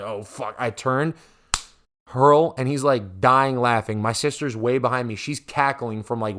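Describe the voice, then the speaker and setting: Profane young man telling a story. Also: mid-range voice. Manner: animated, profane, acts out quoted voices. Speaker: podcast host. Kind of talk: casual solo storytelling. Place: podcast studio.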